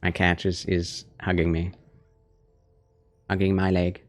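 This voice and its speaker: A man with a deep, monotone voice streams a horror game for his chat, talking casually at an unhurried pace. He whispers and uses baby talk to coo at his cat. Faint music plays behind him.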